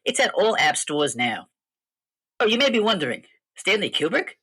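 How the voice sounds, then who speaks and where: A woman's voice: medium pitch, sing-song, moderate pace, fairly bright tone, slightly rough. A woman doing a crude, boastful Brooklyn director. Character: brash foul-mouthed dead male film director, arrogant. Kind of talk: parody ad skit.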